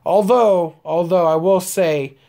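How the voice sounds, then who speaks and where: A man's voice: high-pitched, takes it slowly, gravelly, mellow. Late 20s guy on a stream, swearing a ton, rambling through stories with lots of uhs. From Omaha, Nebraska, United States. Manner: rambling, profane storytelling with frequent fillers and laughs. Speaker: streamer chatting with viewers. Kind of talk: casual live-stream chat.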